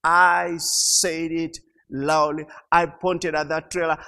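A middle-aged man preaching a sermon, slow and emphatic, repeating key phrases and rising to loud peaks. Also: a little high, little pitch movement. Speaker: pastor.

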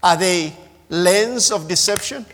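A man preaching a sermon as pastor, slow and emphatic, repeating key phrases. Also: high-pitched, a bit bright. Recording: reverberant hall.

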